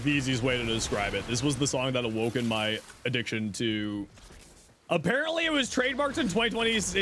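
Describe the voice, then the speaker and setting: A young Canadian man with a Canadian accent streams a game and chats loosely with viewers. His voice sits a touch high and he swears freely, breaking into laughs often. A faint hiss of background noise runs underneath. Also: fairly bright tone. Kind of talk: casual livestream chat.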